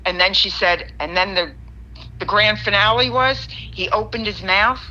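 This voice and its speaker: A woman caller on a podcast, telling a story and quoting her friend in animated asides. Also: medium pitch, normal speed, highs cut off. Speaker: guest caller.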